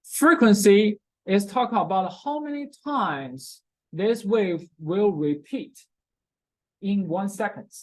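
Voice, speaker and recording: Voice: medium pitch, lively intonation, slow, darkish tone, poor audio. A chemistry lecturer in a recorded class, repeating key terms, checking in often with "okay?", and speaking with non-native grammar.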